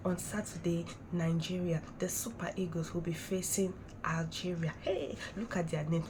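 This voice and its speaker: A woman's voice: lowish voice, fairly even intonation, normal speed, hardly any pauses, noisy background. A woman vlogger chatting casually to camera, pleading and chatty as a fan.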